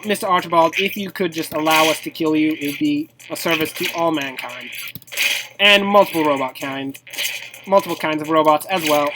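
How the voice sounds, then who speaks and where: A woman giving playful, mock-serious commentary over a game, scolding in a theatrical mock-formal tone that breaks into high squeals. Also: noisy background. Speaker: gameplay commentator.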